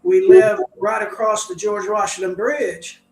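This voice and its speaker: Sitting high with big pitch swings, this older man's voice is a little mellow and measured in pace. A former baseball player appearing as a guest, he tells rambling anecdotes over a video call and chuckles often, in casual storytelling. The room echoes.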